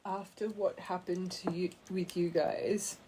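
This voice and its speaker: A woman giving a tarot card reading to her viewers, speaking gently and heartfelt and calling her listeners her angels. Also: on the low side, level tone, unhurried, slight background noise. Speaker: tarot reader.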